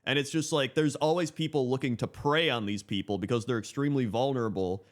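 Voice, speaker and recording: A man in casual reaction commentary, talking at an ordinary mid pitch. He reasons out loud, circling back and tagging his points with "right?". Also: fast. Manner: thinks aloud, tags lines with "right?". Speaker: reaction channel host.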